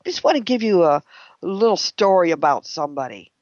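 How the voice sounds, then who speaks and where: A woman giving a motivational talk, telling a personal story with dramatic pauses and repeated phrases. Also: lowish voice, sing-song, darkish tone, dry recording. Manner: dramatic, repetitive storytelling with slowed emphasis. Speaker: motivational speaker. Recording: dull, lo-fi, dry sound.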